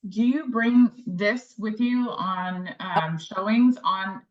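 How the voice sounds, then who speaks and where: A woman attending an online class who asks slow questions and checks that she has understood. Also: mid-range voice, lo-fi sound. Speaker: class participant.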